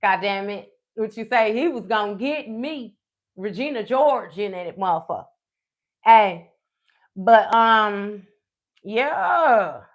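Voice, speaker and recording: A tarot reader shares a personal story on a live stream, speaking slowly in a mid-range voice. She's animated and profane, frequently pausing to ask "okay?"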